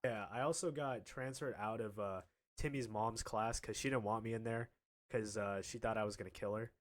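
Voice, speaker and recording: A man's voice: on the low side, fairly even intonation, normal speed. A man in his twenties telling a casual storytime anecdote, laughing often and stammering through restarts.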